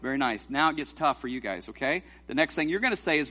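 A man with a bright, somewhat high voice preaches in a church sanctuary. He is animated, draws scripture out slowly, then turns light and teasing as he coaches the congregation through a responsive reading. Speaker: pastor.

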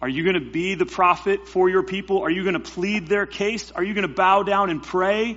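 A man preaching with a slightly husky, somewhat high voice. He presses his points with rhetorical questions and repeated phrases. The recording is dull and lo-fi, with a mains hum underneath. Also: brisk, fairly bright tone. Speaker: pastor. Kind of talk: sermon.

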